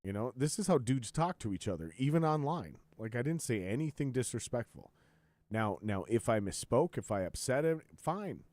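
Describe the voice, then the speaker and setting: A man hosting a podcast, telling stories in a profane, ranting way and loudly acting out what others said. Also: medium pitch, big pitch swings, moderate pace, no echo. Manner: profane, ranting storyteller, quotes others in raised voice. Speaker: podcast host. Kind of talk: casual chat.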